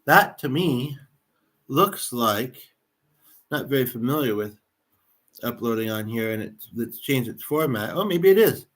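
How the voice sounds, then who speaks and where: A man's voice: medium pitch, animated, measured pace, pauses often. A man in his thirties from Canada hosts a casual livestream. He rambles as he talks and keeps turning to speak with his few viewers. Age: 30s. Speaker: livestream host.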